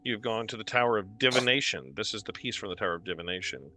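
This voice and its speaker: A man running a tabletop game as game master. He narrates the scene haltingly and trails off with fillers. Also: on the low side, lively intonation, noisy background.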